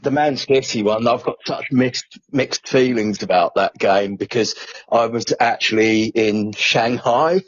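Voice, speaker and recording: Husky man telling a story. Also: medium pitch, a little slow, no echo, lo-fi sound. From England (Norfolk). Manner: animated, laughing, with many fillers. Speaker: podcast guest. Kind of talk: casual chat, storytelling.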